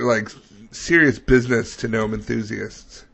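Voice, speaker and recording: A man co-hosting a comedy podcast who rambles and throws in quick quips. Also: medium pitch, gravelly, fairly bright tone. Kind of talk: casual comedic chat.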